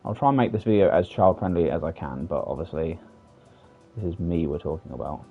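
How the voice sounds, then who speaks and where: A man's voice: low voice, a little fast, gravelly, husky, narrow, tinny audio, faint music behind. A British man streaming a building game, chatting casually with a self-deprecating, rambling manner and lots of fillers, recorded on a desk microphone. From United Kingdom. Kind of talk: casual gameplay commentary.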